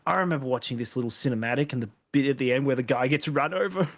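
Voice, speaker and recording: A man's voice: mid-range voice, very fast. A man co-hosting a casual podcast, telling rambling stories and laughing often. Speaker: podcast co-host. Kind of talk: casual chat.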